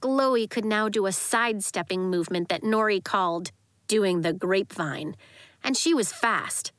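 A woman narrating a children's story in a lively, expressive way. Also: medium pitch, moderate pace, no echo. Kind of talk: audiobook narration.

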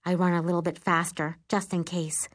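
A woman narrating a first-person audiobook in a lively, expressive storytelling manner. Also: fairly low pitch, normal speed.

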